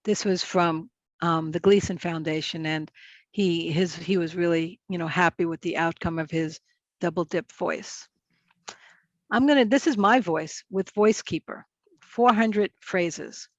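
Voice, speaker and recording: A woman speech pathologist with a lowish voice presents at a conference at a measured pace, in a casual, chatty style and often restarting her sentences to correct herself. The recording is muffled, with no room sound.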